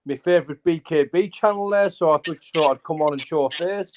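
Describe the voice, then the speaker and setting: A man's voice: on the high side, fairly quick, darkish tone, a little hiss or hum. A man, a bare-knuckle fighter calling in from bed, chatting easily and filling his talk with "mate" and "you know". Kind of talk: casual chat. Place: at home, lying in bed. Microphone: phone.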